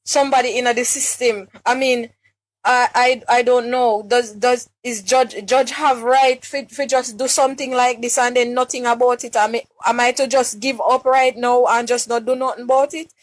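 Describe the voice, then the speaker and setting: A woman's voice: fairly high pitch, steady tone, normal speed. A young Jamaican woman on a live stream, distraught and close to tears, pleading for help, questioning her listeners and often repeating and restarting her words. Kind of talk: emotional live-stream plea.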